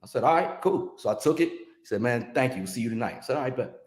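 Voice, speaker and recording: A middle-aged man tells an anecdote in a relaxed interview chat. He switches into voices to act out the people in the story. His voice carries a clear echo from the room. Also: medium pitch, quick pace. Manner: animated storyteller acting out quotes. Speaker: music industry guest telling stories.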